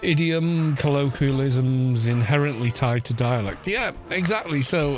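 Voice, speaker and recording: A man's voice: mid-range voice, unhurried, soft background music. A British man in his forties, chatting casually and rambling while he streams a game. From Britain. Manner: rambling, musing, with frequent restarts. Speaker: gaming streamer. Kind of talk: casual chat while gaming.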